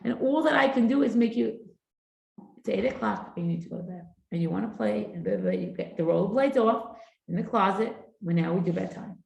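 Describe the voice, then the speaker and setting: A woman's voice: medium pitch, big pitch swings, brisk, vocal fry, darkish tone, roomy sound, low-quality recording. A middle-aged woman teaching a parenting class in a chatty, informal way, mixing Hebrew and Yiddish terms into her talk.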